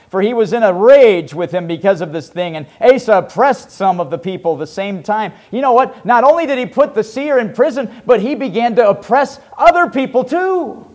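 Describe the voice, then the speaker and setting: A male pastor preaching a sermon, dropping to hushed low asides and rising to loud fervent pleading.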